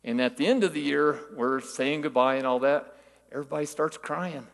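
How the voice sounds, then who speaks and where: An older man preaching in a relaxed, conversational way, weaving folksy stories with rhetorical questions. His voice has a gravelly edge, and it rings out with the long reverb of a big church hall. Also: a little high, moderate pace. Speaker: church teacher. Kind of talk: conversational sermon.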